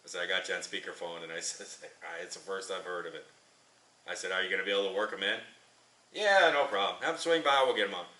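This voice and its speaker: A deep-voiced trucker tells a rambling, chatty story to his camera. His tone is sharp and bright, and the sound rings around an echoey repair shop. The mic sits some distance from him. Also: level tone, very fast, a little hiss or hum. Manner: rambling, chatty, repeats himself. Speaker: trucker and channel host. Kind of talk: casual storytelling vlog.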